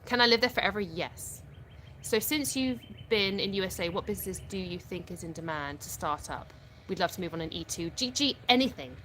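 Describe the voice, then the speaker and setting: A woman's voice: fairly low pitch, lively intonation, a little fast, fairly bright tone, slight background noise. A British woman from the UK hosting a casual live stream at home, reading viewer comments aloud and answering them frankly, often laughing. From United Kingdom.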